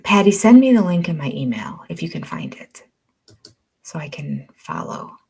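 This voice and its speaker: A woman's voice: fairly low pitch, very animated, moderate pace, gravelly, mellow, husky. An older woman hosting a livestream, chatting casually, reading viewer comments aloud and laughing often. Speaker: livestream host.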